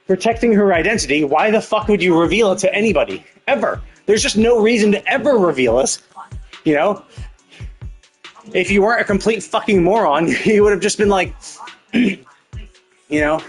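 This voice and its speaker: A man's voice: sits high, expressive, moderate pace, long pauses, soft background music. Exasperated, swearing male streamer. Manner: profane, exasperated ranting. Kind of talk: live gameplay commentary.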